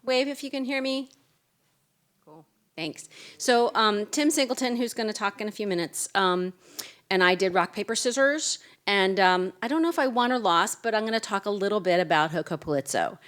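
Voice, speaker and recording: A woman's voice: medium pitch, moderate pace, a bit bright. A woman who used to write for a newspaper gives casual, anecdotal remarks to a seated audience at a literary reading, speaking into a microphone. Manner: chatty, anecdotal, self-deprecating humor. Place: event room with a seated audience.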